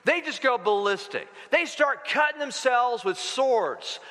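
A man's voice: very high-pitched, lively intonation, measured pace, bright, forceful tone. A man preaching a sermon as pastor, asking the congregation rhetorical questions and mixing in humorous asides. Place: church sanctuary. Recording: long reverb of a large hall.

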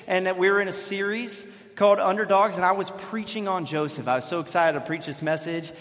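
High-voiced pastor preaching in a reverberant sanctuary. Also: male voice, brisk. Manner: storytelling, self-deprecating, animated. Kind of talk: sermon. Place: church sanctuary. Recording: long hall reverb.

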